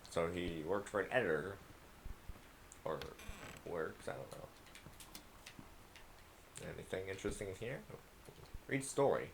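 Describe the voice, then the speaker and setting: A man playing a game and casually commenting, muttering and reading notes aloud. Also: a little hiss or hum. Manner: mutters, reads documents aloud in a low murmur. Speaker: let's play gamer.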